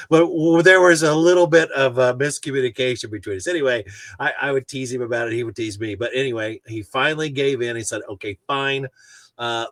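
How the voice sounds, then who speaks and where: Low-voiced man hosting a podcast, dry sound. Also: a bit bright, no room sound. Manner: chatty, teasing anecdotes. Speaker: podcast host. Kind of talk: casual podcast chat, storytelling.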